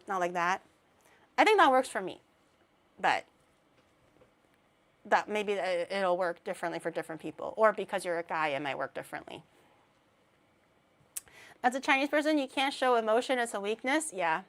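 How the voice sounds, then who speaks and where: A woman's voice: mid-range voice, lively intonation, normal speed, pauses often, fairly bright tone. A young woman from Canada chatting casually on a stream, rambling with lots of restarts and fillers, giggly and self-deprecating. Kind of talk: casual chat.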